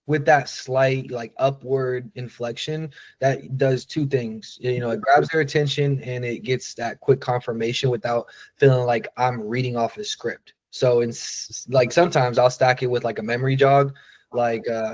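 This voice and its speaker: A man's voice: mid-range voice, steady tone, measured pace. A man coaching a sales trainee over a call, casual and full of fillers, acting out sample lines. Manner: casual, filler-heavy, demonstrative. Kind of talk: live coaching on a video call. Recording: muffled lo-fi call audio.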